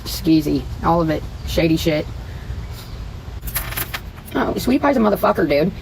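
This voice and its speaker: A woman's voice: sits low, lively intonation, normal speed, creaky, darkish tone, slight background noise, low-quality recording. A woman rambling and venting to her livestream chat in a casual, profane way.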